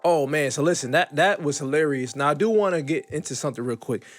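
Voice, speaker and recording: A man's voice: on the high side, quick pace. A man hosting a casual commentary video, reacting loosely with slang and restarts. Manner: casual, talks through stumbles, uses "bro" and "yo". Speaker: host, commentator.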